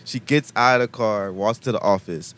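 A young man telling a long story in casual chat, slangy and animated, acting out the people he quotes. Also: lowish voice, normal speed. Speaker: podcast guest telling a story.

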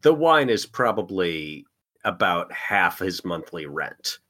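A man with a fairly low but bright, forward voice plays a tabletop role-playing game. His pitch swings widely as he teases and banters, and he drifts in and out of character. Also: big pitch swings, slow pace. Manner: playful, teasing, banters in and out of character. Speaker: player. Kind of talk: improvised tabletop role-play with chat.

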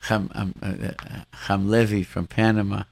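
A man's voice: fairly low pitch, level tone, normal speed, vocal fry, no echo. A man in casual conversation, reminiscing and sprinkling Hebrew religious terms into his English. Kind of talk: casual chat.

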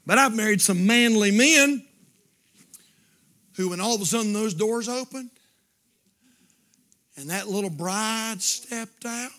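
Male pastor, high bright voice, fiery sermon delivery with loud peaks and soft asides. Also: slow, long pauses. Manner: shouting, impassioned preaching with sudden drops to quiet.

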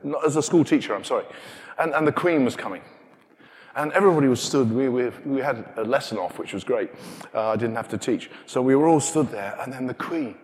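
A man with an English accent preaching a sermon, telling stories with animated asides. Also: medium pitch. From England. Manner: animated storytelling, acting out scenes in hushed asides. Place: church. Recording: long reverb of a large church.

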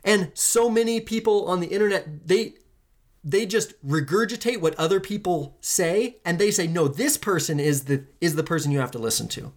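A solo podcast host in full impassioned flow, preaching to listeners with emphatic repetition and casual swearing. The pitch leaps up and drops low from line to line, and the pace keeps changing. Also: moderate pace. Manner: pitch and pace swing widely between lines.

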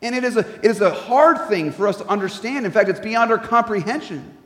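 Pastor guy preaching, kinda high voice, earnest, trips on words a bit, big echoey church. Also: lively intonation, brisk. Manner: earnest, with repeated restarts and soft asides. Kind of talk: sermon.

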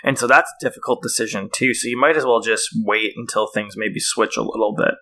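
A man's voice: lowish voice, fairly even intonation, a little fast, sharp tone. A man co-hosting a podcast, chatting in an easygoing, self-deprecating way. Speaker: podcast co-host. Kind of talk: casual chat about fantasy football.

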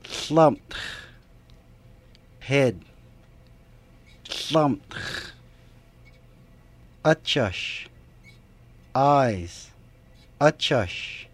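A man in a language lesson, saying each word and its translation slowly and deliberately. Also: medium pitch. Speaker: language teacher. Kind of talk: pronunciation drill.

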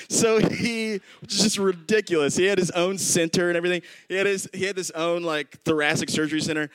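A man's voice: a little high, fairly quick, smooth, no room sound, low-quality recording. A man in his thirties telling a funny personal story on stage, acting out the quotes and laughing as he goes. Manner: animated, acts out quotes, laughs mid-line. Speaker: storytelling comedian. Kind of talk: live storytelling set.

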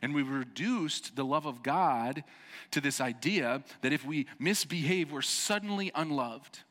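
Animated preacher man in a reverberant church. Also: a little high, unhurried. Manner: animated, jokey, acts out voices of the people he preaches about. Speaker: pastor. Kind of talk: sermon. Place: church sanctuary.

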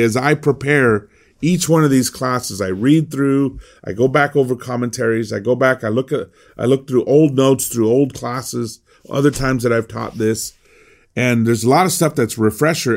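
A man's voice: mid-range voice, a little mellow. Chatty man teaching a Bible class. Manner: conversational, restarts often, reads scripture aloud.

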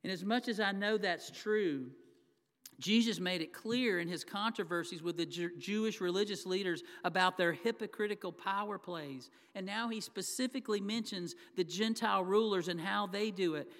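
Speaking at a moderate pace in a high, slightly bright voice, a man preaches a sermon as pastor. He addresses the congregation in a conversational way and acts out the quoted lines. The setting is a church sanctuary, heard with long hall reverb.

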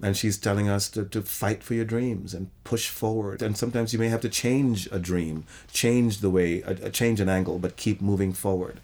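A man's voice: fairly low pitch, fairly even intonation, moderate pace, few pauses, a little mellow. A middle-aged man, a theater director, talking reflectively in an interview and often restarting his sentences. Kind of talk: interview conversation.

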